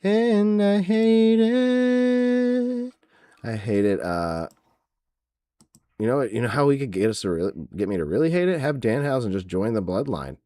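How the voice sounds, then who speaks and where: Low-voiced man ranting casually. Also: big pitch swings, brisk, a little mellow, no room sound. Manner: ranting, sarcastic, many fillers. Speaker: podcast host. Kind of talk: casual wrestling podcast rant.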